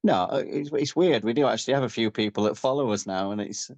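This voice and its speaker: A man with a Yorkshire accent, a rock singer chatting as a guest in a relaxed, rambling, modest way. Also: medium pitch, fast talker, no room sound. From Yorkshire, England. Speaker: rock band frontman, guest. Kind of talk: casual interview chat.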